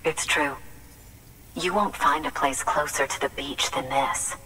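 A grandiose eccentric scientist, deep and distant. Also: female voice, slow pace. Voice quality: pompous, theatrical. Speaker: game character. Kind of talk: video game voice acting. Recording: distant game audio with faint noise.

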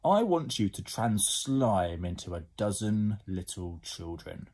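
A cheeky, bossy young boy, as a man plays him, in a somewhat raised, lively voice. He sounds sure of himself, in a children's storybook read aloud. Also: lowish voice, takes it slowly, full character voice.

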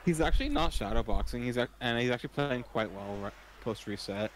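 Ein Mann im Voice-Chat, der beim Spielen trocken scherzt und seine Freunde aufzieht. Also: male voice, medium pitch, expressive, fairly quick, slight background noise. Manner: dry, teasing jokes. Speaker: co-player in voice chat. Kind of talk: casual gaming chat.

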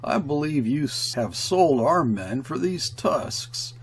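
A man's voice: a little high, expressive, takes it slowly, slight background noise, voice pushed up. A man playing an indignant, stammering trading agent. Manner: stammering when angry.

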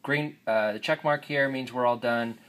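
A man's voice: mid-range voice, steady tone, normal speed, fairly bright tone. A man giving an upbeat, informal, jokey walkthrough of a phone app. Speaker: app demonstrator. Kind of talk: casual app demo walkthrough.

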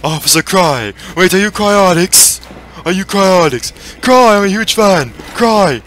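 A man voicing a brash, crude male villager from a video game while he plays, trash-talking and fawning over teammates with sudden shouts. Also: high voice, animated, measured pace, slight background noise. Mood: fanboyish. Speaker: gamer voicing a character. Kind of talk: in-character gameplay commentary.

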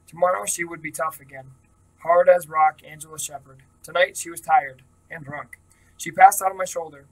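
A man reading a first-person novel aloud in a steady, plain manner, with small slips. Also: a little high, moderate pace, distant mic, rough recording. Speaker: reader.

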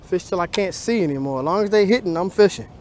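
A man's voice: high voice, lively intonation, fast talker, darkish tone, slight background noise. A man fishing outdoors at dusk, chatting casually to viewers between casts. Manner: talks to viewers between casts, swears when he loses a fish. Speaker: fishing vlogger. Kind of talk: casual commentary while fishing.

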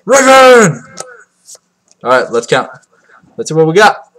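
A man doing crude, excitable unboxing commentary into a cheap computer mic, swinging from loud yelps to low mumbling and mocking himself. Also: a little slow. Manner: crude, joking self-mockery. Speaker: card unboxing vlogger. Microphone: cheap computer mic that cuts out.

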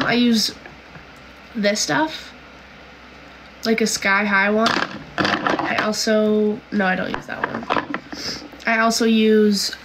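A woman from Canada chats on a livestream in a fairly high voice, taking her time over each comment. She giggles and fills her answers with "like" and "um," and faint noise sits under her voice. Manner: chatty and giggly, reads comments aloud and answers with many "like"s and "um"s. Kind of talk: casual livestream chat.

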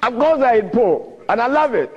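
A man telling stories in an animated talk, chuckling often and speaking with preacher-like emphasis. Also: very high voice, a little fast, long reverb tail. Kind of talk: animated storytelling lecture. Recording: dull lo-fi recording.

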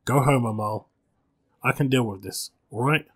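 A weary woman who runs a bar, blunt and curt, trying to sound calm but coming off tired, as a man voices her in a story reading. Her lines are husky and firm. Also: medium pitch, normal speed.

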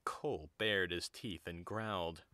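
Male narrator, low voice, bright tone, dry close mic. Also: measured pace, dry recording. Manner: even, storybook delivery. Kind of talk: scripted narration.

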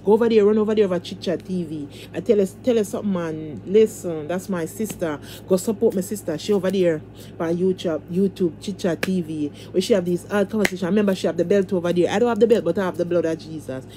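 A woman talks straight to her livestream viewers in a fervent, preacher-like voice and keeps circling back to the same pleas. Her tone is mellow and rather dark, and a faint noise sits under her voice. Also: on the low side, fast. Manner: fervent, repetitive, preacher-like pleading. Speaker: livestream host. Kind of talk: casual livestream chat.

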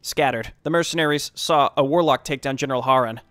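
A man's voice: medium pitch, fast, a bit bright, no room sound, natural voice. A man reading game dialogue as a dutiful royal messenger, giving a formal, respectful report. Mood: solemn.

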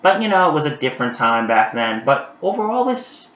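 A man reviewing an old animated holiday special in a casual vlog, chatty and animated with lots of fillers, talking straight to his viewers. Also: mid-range voice, fairly quick. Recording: roomy, dull lo-fi sound.

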